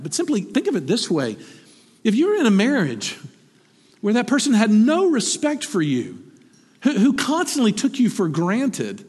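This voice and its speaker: A middle-aged man preaching a sermon from the pulpit, conversational and animated, often asking his listeners questions. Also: sits high, husky, big-room sound. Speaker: pastor. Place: church sanctuary.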